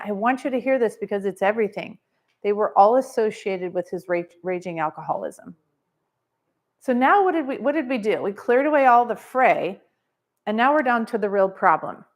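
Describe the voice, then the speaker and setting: Energetic woman coaching a live seminar. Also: medium pitch. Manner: energetic, coaching, rhetorical questions. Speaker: wellness business trainer. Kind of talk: live seminar talk to an audience.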